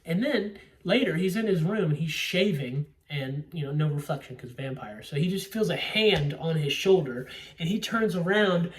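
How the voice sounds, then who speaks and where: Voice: mid-range voice, lively intonation, normal speed, hardly any pauses, recorded from a distance. A young adult movie reviewer chatting casually, rambling, swearing freely and laughing often. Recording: roomy sound, away from the mic.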